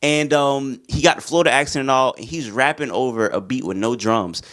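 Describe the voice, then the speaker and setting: A young man talking casually about albums he likes, loose and excitable, full of slang, and now and then singing along to the songs. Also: mid-range voice, brisk. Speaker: music reviewer. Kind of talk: casual album review talk.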